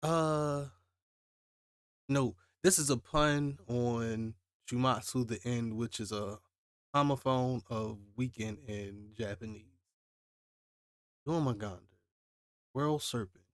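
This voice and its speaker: A man reading a comic chapter aloud and reacting to it, casual and excitable, his voice jumping up when he is surprised. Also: takes it slowly, long pauses, clean tone, dry recording, clean studio sound. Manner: excitable, jumps high when surprised, laughs at himself. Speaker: manga reaction channel host.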